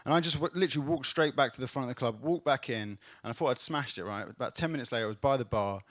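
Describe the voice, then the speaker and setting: A man performing a stand-up comedy set on a club stage, telling a story and building to loud laughs. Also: mid-range voice, very fast.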